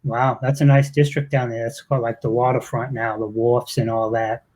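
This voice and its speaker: A man with a Boston accent hosting a live online interview, chatting loosely with quick asides. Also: medium pitch, flat delivery, darkish tone, poor audio. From Boston, USA. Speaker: interview host.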